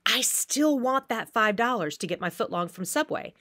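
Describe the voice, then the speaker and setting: A woman's voice: fairly high pitch, animated, normal speed, bright, forceful tone, dry recording. A woman theater teacher giving a recorded lecture on acting, now and then acting out short quoted pleas and threats as examples.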